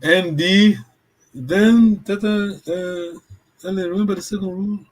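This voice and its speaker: A man's voice: high voice, measured pace. A man teaching a language lesson over a video call, patiently checking that his students follow.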